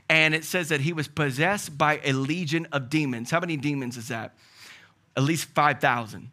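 Bright emphatic man preaching. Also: fairly high pitch, normal speed. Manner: emphatic, animated preaching with rhetorical questions. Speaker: pastor. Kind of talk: sermon.

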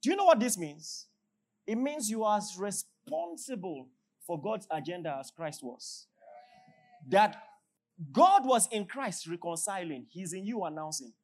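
A man with a Nigerian accent preaching a sermon as pastor, swinging between loud declarations and hushed storytelling. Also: sits high, lively intonation, unhurried, slight background noise. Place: large church hall.

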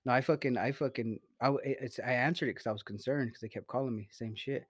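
A man's voice: mid-range voice, fast, no room sound. A man co-hosting a podcast in casual, profane chat, rambling with many restarts. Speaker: podcast co-host.

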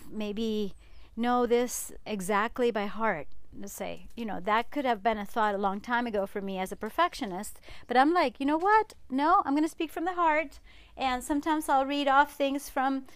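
A woman hosting a podcast as a life coach, chatting in an encouraging way, laughing often and reading some facts aloud. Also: fairly high pitch. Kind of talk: casual podcast monologue.

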